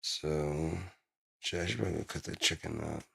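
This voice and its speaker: A man's voice: rumbling low, steady tone, normal speed, vocal fry, a bit bright, breathy edge. A man vlogging in a rambling, profane, casual monologue, telling stories and putting on silly voices.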